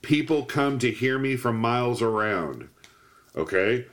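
A man's voice: mid-range voice, lively intonation, unhurried, a bit bright. A man co-hosting a podcast in casual chat, reading out items from a list and laughing along. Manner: reads out lists, laughs often. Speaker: podcast co-host.

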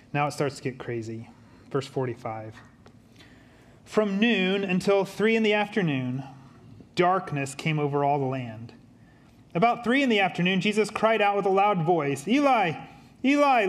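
A pastor preaching a sermon, moving between quiet, low emphasis and lively, humorous, conversational asides. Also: male voice.

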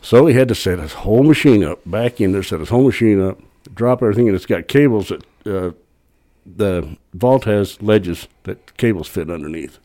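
A middle-aged man, a podcast guest, telling a long rambling story in a casual, animated way with frequent restarts. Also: on the low side, moderate pace.

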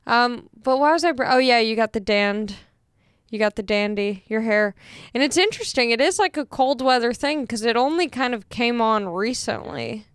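A woman's voice: fairly high pitch, animated, moderate pace, clear, resonant tone, no echo, clean studio sound. A young woman hosting a casual talk show, chatty and self-mocking, rambling through a sponsor read. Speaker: podcast host reading an ad.

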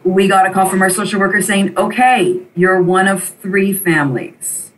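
A middle-aged woman, an interview guest, telling a personal story in an animated, emotional way and repeating phrases for emphasis. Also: mid-range voice, normal speed. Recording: voice a bit distant from the mic.

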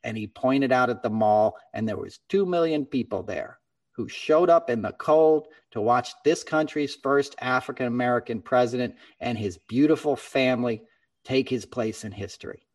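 A man's voice: medium pitch, moderate pace. Podcast host, male, earnest and impassioned, mic a little distant. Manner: earnest and impassioned, calls his co-host man and brother. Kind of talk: casual podcast chat.

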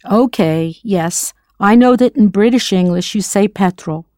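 A language teacher, an encouraging and patient American woman, prompts the listener for answers in a scripted audio lesson. She speaks at a measured pace with a mellow, middle-pitched voice. The sound is close and dry, without room sound.

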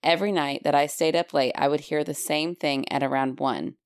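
A woman co-hosting a casual podcast, chatting and reading listener stories aloud with dramatic pauses. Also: low-pitched, fairly even intonation, no echo, clean studio sound. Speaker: podcast co-host.

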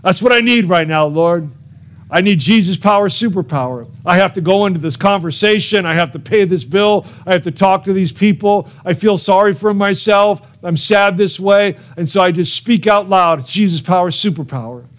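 A man's voice: high voice, normal speed. A middle-aged male pastor preaching a sermon, telling a personal story with earnest emotion and repeating phrases for emphasis.

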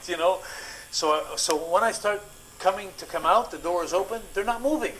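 Animated man telling wrestling stories. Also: on the high side, moderate pace, a little hiss or hum, rough recording. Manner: animated anecdotes, acts out quotes. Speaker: guest, former wrestler. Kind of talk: casual storytelling on a podcast.

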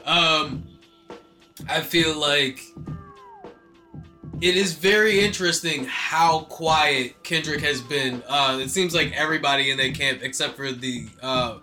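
Bright-voiced man in casual banter. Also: fairly high pitch, a little slow, soft background music. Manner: loose and joking, lots of fillers and profanity. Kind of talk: casual hip-hop commentary chat.

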